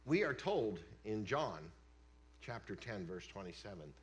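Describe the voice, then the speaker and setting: Slow, animated male pastor preaching. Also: medium pitch. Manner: emphatic, swings between loud declarations and hushed asides. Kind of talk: sermon. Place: church sanctuary.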